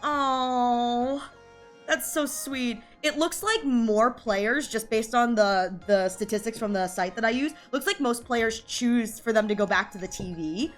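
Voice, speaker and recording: A woman's voice: fairly high pitch, a little slow, soft background music. Teary, gushing woman streamer. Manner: gushing, effusive, repeats "so sweet". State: teary and sniffly from crying. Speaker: video game streamer. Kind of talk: live game commentary, reading dialogue aloud.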